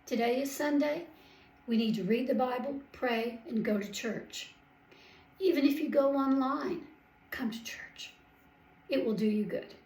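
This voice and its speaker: A woman's voice: high-pitched, normal speed, darkish tone, reverberant, low-quality recording. A woman telling a Bible story at home in a homey way, with small slips and self-corrections.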